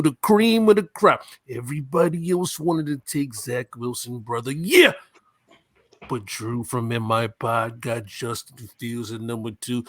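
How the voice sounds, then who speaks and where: A man putting on a brash male pro-wrestler promo persona, growling hype lines and shouting "brother" on a podcast live stream. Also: medium pitch, no room sound. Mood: boastful. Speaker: podcast co-host.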